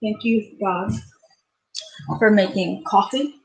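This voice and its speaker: A woman's voice: medium pitch, fairly even intonation, slow pace, rough recording. A woman hosting a live home cooking stream, chatting to viewers and to herself as she chops and mixes. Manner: chatty, talks to herself while cooking, sings and playfully whines. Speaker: cooking channel host. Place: home kitchen.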